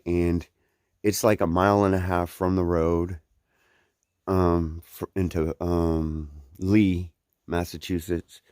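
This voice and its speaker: Young man, trail vlogger; low, dry, close voice; rambling, easygoing, laughs a lot. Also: a little mellow, no room sound. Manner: rambling, laid-back, many fillers and laughs. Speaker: hiker vlogging his trail days. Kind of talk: casual trail vlog chat. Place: outdoors on a mountain trail.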